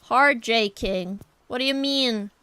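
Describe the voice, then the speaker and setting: Speaking slowly in a fairly high, sharp voice, a young woman with a Norwegian accent talks loosely to her stream viewers as she draws. She rambles and addresses them directly, with soft background music playing.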